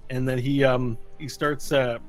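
A man running a tabletop game as game master, narrating in a rambling, animated way with restarts. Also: medium pitch, measured pace, faint music behind, low-quality recording.

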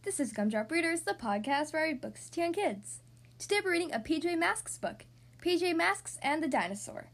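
Woman host, kids' storybook read-aloud, high and very expressive. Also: brisk. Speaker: podcast host reading to kids.

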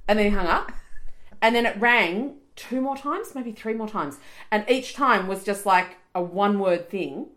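A woman's voice: medium pitch, moderate pace. A woman, co-hosting a podcast in casual chat and telling stories with acted-out voices. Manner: animated storyteller, acts out voices. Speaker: podcast co-host.

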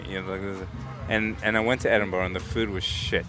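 A man's voice: deep voice, steady tone, fast, over music. An American man telling loose, joking stories in a casual chat and swearing freely. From United States.

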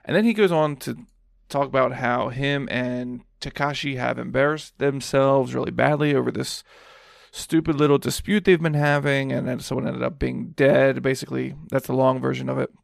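A man's voice: mid-range voice, steady tone, moderate pace, creaky, no room sound, studio quality. A man hosting a podcast alone, recapping a film scene in a rambling, casual way with lots of fillers. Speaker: podcast host.

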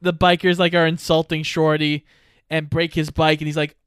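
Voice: medium pitch, level tone, normal speed, smooth, dry recording, studio quality. A podcast co-host recapping a movie plot in a casual, matter-of-fact way.

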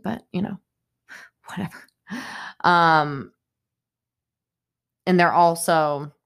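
A woman's voice: sits low, vocal fry. A young woman hosting a solo podcast, rambling stream-of-consciousness style with many fillers, upset and indignant as she talks. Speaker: podcast host. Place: home in Boston.

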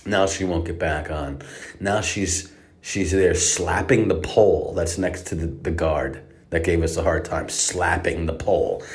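A man's voice: sits low, measured pace. A man telling a profane comic story in an exasperated, ranting way, with heavy swearing. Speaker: comedic storyteller.

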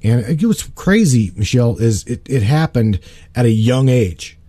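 A man talks in a loose, storytelling way, restarting and repeating words as he gets worked up, and throws himself into the quoted lines. His voice is dark and mellow, and the recording is dry and close, with no room sound. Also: mid-range voice, moderate pace, dry recording. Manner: animated, repeats words, acts out quoted dialogue. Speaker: guest telling of spiritual work. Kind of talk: casual storytelling chat.

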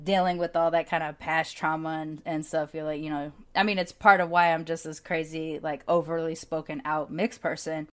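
A woman hosting a casual podcast interview, candid and animated, swearing freely and laughing often as she tells stories. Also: low voice, moderate pace, hardly any pauses, clear, resonant tone. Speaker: podcast host.

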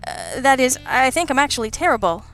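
A woman's voice: high-pitched, big pitch swings, a little fast, a bit bright, faint music behind, pitched above the performer's own voice, heavily acted. A woman voicing a flustered, breathless male police sergeant who stammers and sputters in an audiobook.

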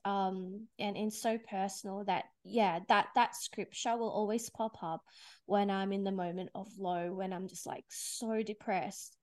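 A woman's voice: mid-range voice, steady tone, a little slow. A woman guest giving an earnest, emotional faith testimony in conversation, laughing through tears at times. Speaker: podcast guest.

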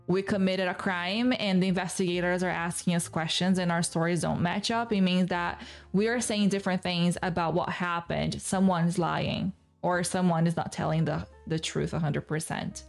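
A woman's voice: on the low side, fairly even intonation, moderate pace, gravelly, faint music behind. Patient woman teaching English. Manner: patient, explains step by step, repeats key words. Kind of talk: English lesson explanation.

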